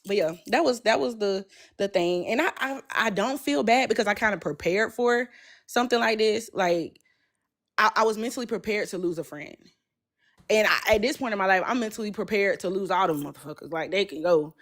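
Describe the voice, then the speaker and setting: Woman guest, passionate casual storyteller, acts out both voices, mid pitch. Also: fairly quick. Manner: animated, acts out both sides of a conversation; passionate and loud by her own account.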